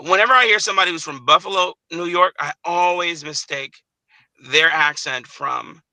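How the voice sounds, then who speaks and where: Bright-voiced nostalgic man from Chicago. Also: on the high side, moderate pace, no echo, poor audio. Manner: nostalgic, repeats "man" and "great times". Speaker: panel host. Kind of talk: casual live panel chat.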